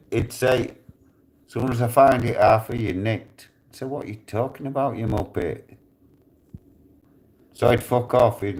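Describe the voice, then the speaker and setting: A man, telling a blunt, profane story on his live stream. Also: on the low side. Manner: blunt, heavy swearing, animated retelling.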